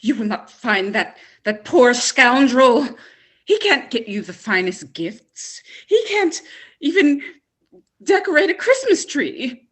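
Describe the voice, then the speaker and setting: A woman's voice: fairly high pitch, slow, a bit bright, breathy edge, heavily acted. A woman playing a pious, bossy mother who scolds and preaches at her daughter in an improvised stage comedy. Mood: scolding.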